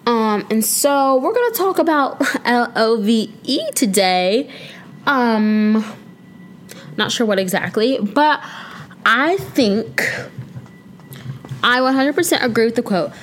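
A woman's voice: a little high, lively intonation, takes it slowly, pauses often, slight background noise. A young woman hosting a casual solo podcast, chatting playfully with slang and now and then breaking into song. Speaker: podcast host.

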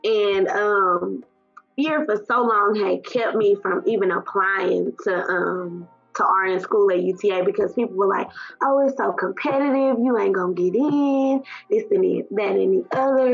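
Husky woman telling her story. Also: medium pitch, normal speed. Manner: emotional, chatty, many fillers. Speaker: guest. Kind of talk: casual storytelling interview. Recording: muffled lo-fi audio with faint music.

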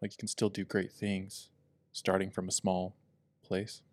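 Young male podcast co-host, lowish voice, loose rambling delivery, dry close sound. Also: unhurried, no room sound. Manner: relaxed, rambling with many fillers. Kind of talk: casual chat.

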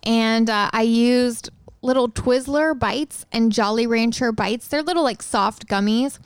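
A woman chats as a podcast co-host, describing things in detail with frequent fillers. Her voice has a gravelly fry to it. The recording is dry and close. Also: on the high side, measured pace, no room sound. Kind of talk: casual chat. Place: home.

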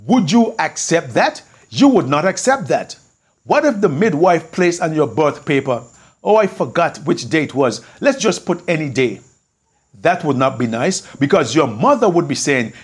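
Husky man preaching with lively pitch. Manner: emphatic, rhetorical questions. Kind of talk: sermon.

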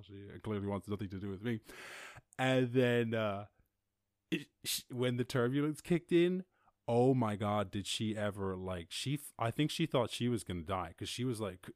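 A man hosting a podcast, telling a rambling, animated story in a casual monologue. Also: no room sound, clean studio sound. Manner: rambling, animated, mimics others in high voices. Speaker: podcast host.

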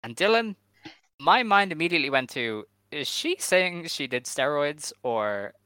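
Crisp-voiced male podcast host. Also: on the high side, unhurried, no room sound. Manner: relaxed recapping, steady. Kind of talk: casual chat.

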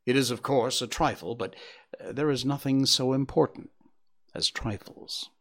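A man voicing a keen Victorian detective who explains his deductions in a measured, clipped way, read as an audiobook. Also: medium pitch, a bit bright. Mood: deducing.

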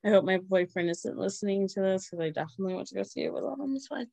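Young female podcast host, chatty and giggly, close and dry sound, mid pitch. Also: animated, fast talker, gravelly, warm tone, no room sound. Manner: chatty, giggly, lots of fillers. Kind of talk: casual chat.

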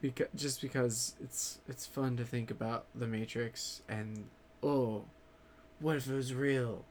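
A man chatting casually to his viewers in a rambling way, swearing freely and halting often on fillers. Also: medium pitch, fairly even intonation, darkish tone. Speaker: vlogger.

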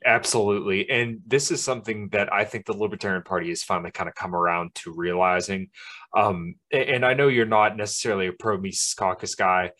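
A man's voice: lowish voice, fairly even intonation, a little fast, sharp tone. A man hosting a podcast, chatting casually and agreeably with his guest. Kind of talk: casual interview chat.

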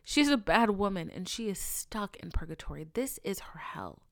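A woman voicing an older male priest in a hushed, solemn tone while telling a story. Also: mid-range voice, lively intonation, normal speed, no echo, clean studio sound, close to an everyday voice.

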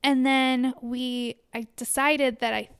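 Candid young woman with a smooth voice. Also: high voice, fairly even intonation, slow pace, a bit bright. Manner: candid, blunt about herself. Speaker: podcast co-host. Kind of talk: casual chat.

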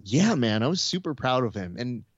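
A man hosting a casual podcast chat with a lively, swinging pitch. He acts out quotes as he goes. The recording is dull and lo-fi, with a dry, close sound. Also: moderate pace, breathy edge, dry recording. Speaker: podcast host. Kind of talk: casual chat about combat sports.

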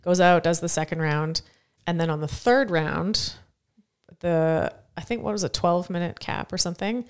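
A woman co-hosting a casual podcast chat, telling animated stories from her work as a competition judge. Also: lowish voice, normal speed, smooth. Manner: animated storyteller who acts out quotes.

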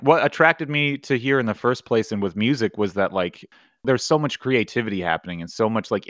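A man's voice: medium pitch, no echo. Profane, rambling man in dry sound. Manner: profane, animated, rambling with many fillers. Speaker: cat cafe co-founder. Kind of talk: casual storytelling interview.

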